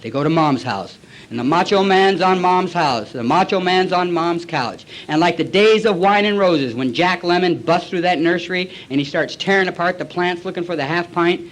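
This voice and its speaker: A man in his forties giving a recovery meeting talk, a blunt, colloquial storyteller who acts out past conversations. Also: sits high.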